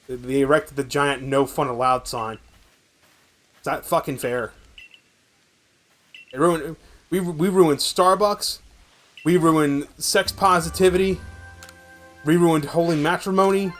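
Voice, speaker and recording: A man's voice: fairly high pitch, fairly bright tone. Profane, rambling twenty-something streamer guy. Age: 20s. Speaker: VTuber streamer. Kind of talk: casual game stream chat.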